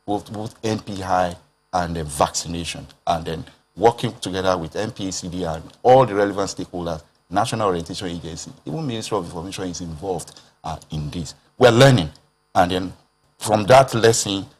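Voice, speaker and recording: Deep-voiced Nigerian man, measured panel talk. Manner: measured, explanatory, with "um" and "uh" hesitations. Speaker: public health expert guest. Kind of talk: TV panel discussion.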